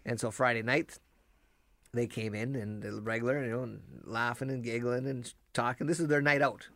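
A Canadian man tells a long story to a radio host, looping back and restarting his sentences as he goes. His voice sits at an ordinary pitch. The studio sound around him is dry and close. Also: steady tone, moderate pace, a bit bright, no echo. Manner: rambling, with many restarts. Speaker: restaurant owner guest. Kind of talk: casual storytelling. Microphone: studio microphone.

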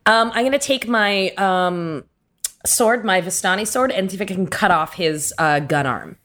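A woman's voice: mid-range voice, normal speed, fairly bright tone. A woman playing a tabletop game, hesitantly talking through her rolls. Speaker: player. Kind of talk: casual play at the table.

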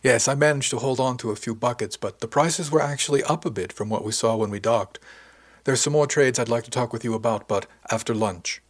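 A man's voice: mid-range voice, fairly quick, close to an everyday voice. A man voicing a kindly, formal male ship's cook with polite, precise phrasing. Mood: genial.

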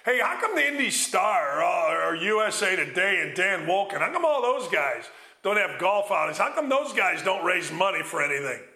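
Male sports talk host, blunt fired-up rant, sharp bright tone. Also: high voice, sing-song, normal speed, roomy sound. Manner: blunt, loud, ranting.

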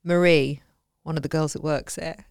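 A woman's voice: deep voice, steady tone, moderate pace, clear, resonant tone, dry recording, clean studio sound. A woman co-hosting a casual chat podcast, gushing and laughing often. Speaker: podcast co-host.

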